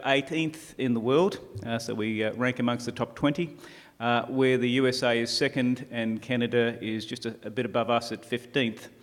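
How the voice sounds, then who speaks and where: A man with an Australian accent giving a conference presentation with dry, self-deprecating humour and many "uh" fillers. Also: mid-range voice. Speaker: conference speaker. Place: conference hall. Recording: long hall reverb.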